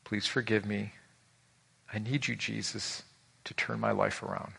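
Gravelly, bright-voiced male pastor preaching. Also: on the low side, level tone, measured pace. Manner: conversational, swings from loud to hushed; acts out quoted voices in his stories. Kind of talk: sermon.

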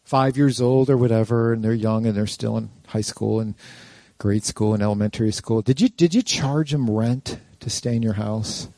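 A man preaching a sermon as pastor, lively and quizzing his congregation with rhetorical questions, breaking into playful jokes. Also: fairly low pitch, normal speed, no room sound.

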